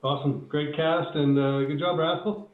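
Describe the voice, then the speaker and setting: Darts guy after a loss, halting answers, phone-thin echoey audio. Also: on the high side, fairly even intonation. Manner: hesitant, halting, many restarts. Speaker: darts player. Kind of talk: post-match interview. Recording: tinny, echoey call audio.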